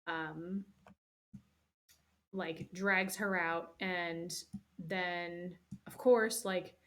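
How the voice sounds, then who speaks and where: A woman's voice: lowish voice, steady tone, extremely slow, fairly bright tone. A young woman hosting, recapping a movie casually in a rambling, profane way full of fillers. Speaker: host.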